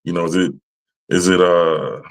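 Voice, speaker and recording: Animated, profane man hosting a podcast. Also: deep voice, a little slow, creaky. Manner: animated, profane, laughs often, voice jumps up when ranting. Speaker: podcast host. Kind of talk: casual monologue.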